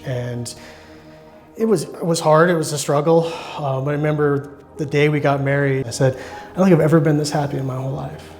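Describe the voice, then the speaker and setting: A man of ordinary pitch tells a personal faith testimony, earnest and reflective, often pausing and starting over. Music plays clearly underneath his voice. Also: darkish tone. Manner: earnest, reflective, halting with restarts. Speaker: church member sharing testimony.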